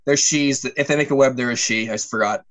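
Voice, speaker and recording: A man in casual podcast chat, relaxed and hesitant, trailing off quietly. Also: medium pitch, fairly quick, a crowd in the background.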